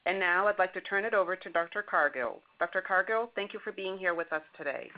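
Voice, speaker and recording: A woman's voice: fairly low pitch, quick pace. Woman host on a tinny phone line. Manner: formal, read-aloud delivery. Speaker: webinar host. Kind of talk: scripted introduction.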